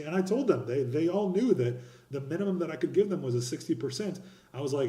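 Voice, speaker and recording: A man's voice: fairly high pitch, expressive, quick pace, mellow, reverberant. Casual, blunt young male instructor. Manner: casual, rambling, blunt with slang. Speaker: college instructor. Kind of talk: recorded online class lecture.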